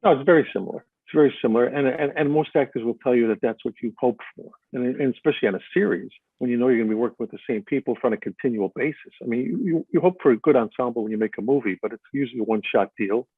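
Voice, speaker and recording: A man's voice: mid-range voice, rapid-fire, hardly any pauses, slightly rough, no room sound. An older man from Chicago, an actor being interviewed live, telling stories in a rambling way with many fillers and restarts. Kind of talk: live stage interview, storytelling. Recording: tinny phone-like sound.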